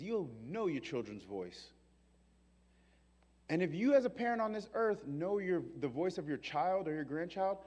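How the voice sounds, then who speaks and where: High-voiced preacher from New York. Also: male voice. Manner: animated, rising to fervent shouting, acts out quoted voices. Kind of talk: sermon. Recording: long reverb of a large hall.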